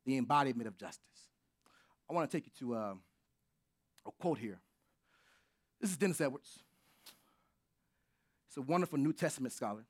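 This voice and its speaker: A man preaching a sermon as pastor, swinging from shouts to near whispers, with informal, joking asides to his congregation. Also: mid-range voice, lively intonation, normal speed, long pauses.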